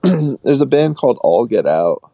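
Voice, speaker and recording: A young man talking casually about music, laid-back and quick to laugh. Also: medium pitch, sing-song, mellow, no room sound. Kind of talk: casual chat.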